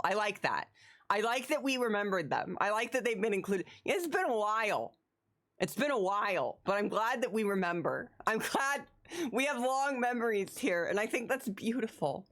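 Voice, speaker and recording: Excitable woman streamer, lively pitch. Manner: excitable, swings from squealing to low mumbles. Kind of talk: casual live-stream chat.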